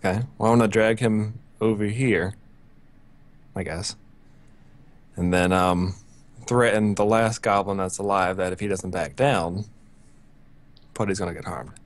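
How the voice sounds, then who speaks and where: A man's voice: sits low, fairly even intonation, a little slow, long pauses. A man playing a tabletop game, asking lots of questions about how to take his turn. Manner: unsure, asks a lot of questions about the game. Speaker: player. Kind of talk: casual tabletop game chat.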